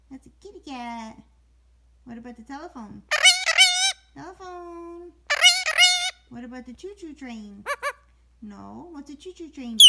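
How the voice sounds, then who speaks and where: A woman's voice: a little high, creaky. A woman talking to her pet parrot at home in cooing, singsong baby talk, repeating her questions. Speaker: pet owner. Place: home, indoors. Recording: loud background noise.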